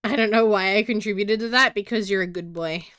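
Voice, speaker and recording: A woman's voice: mid-range voice, fairly quick, fairly bright tone, dry recording, clean studio sound. A giggly, hyper Australian woman rambling in casual live-stream chat as a streamer.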